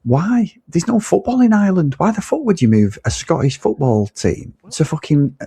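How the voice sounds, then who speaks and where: A man with a mellow, husky voice and animated pitch, ranting bluntly and swearing in casual podcast chat. The sound is dry and close. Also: moderate pace, no echo. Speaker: podcast co-host. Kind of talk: casual film review chat.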